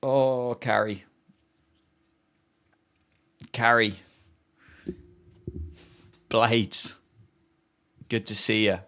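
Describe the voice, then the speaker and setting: A man's voice: fairly low pitch, steady tone, drawn-out words, pauses often, a bit bright. A man hosting a live cricket watchalong, chatting casually, joking and reacting to play and viewer comments.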